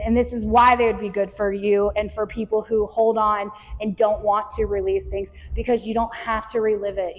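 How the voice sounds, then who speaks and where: A woman hosting a candid talk with a live group, earnest and animated as she explains breath work. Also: mid-range voice, big-room sound, poor audio. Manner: earnest, animated, acts out inner voices. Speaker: podcast host and breath work facilitator. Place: room with a small audience.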